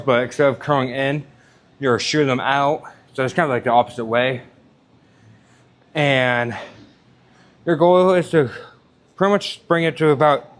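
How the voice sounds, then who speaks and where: A young man talking casually about his leg workout in a fitness vlog, rambling and out of breath. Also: fairly high pitch. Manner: rambling, casual, filler-heavy. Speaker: fitness vlogger. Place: gym, then in a car.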